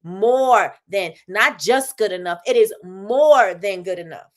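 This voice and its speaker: Loud, laughing New York woman. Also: medium pitch, takes it slowly. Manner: loud, animated, laughs often, repeats for emphasis. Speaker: livestream host. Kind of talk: motivational livestream talk.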